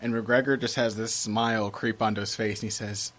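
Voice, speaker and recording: A man co-hosting a podcast in casual chat, lively and emphatic, often breaking into laughter. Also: fairly low pitch, a little fast. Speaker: podcast co-host.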